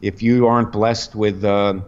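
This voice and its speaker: A middle-aged man, a comedian guest, telling a long rambling story on a podcast, animated and full of restarts. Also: fairly low pitch, a little slow, clear, resonant tone. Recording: dull lo-fi podcast audio.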